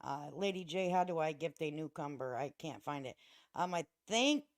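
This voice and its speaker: A woman giving casual live-stream commentary on a clip, sassy and mocking, dropping from muttered asides to loud scolding. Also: deep voice, expressive, moderate pace, no echo, studio quality.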